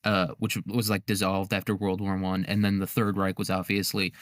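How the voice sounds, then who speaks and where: A young man with a fairly low voice rambles through a history podcast, crude and joking, laughing often. His voice is recorded close and dry, with no room sound. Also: monotone, moderate pace, no echo. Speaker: podcast host. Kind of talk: casual comedic history monologue.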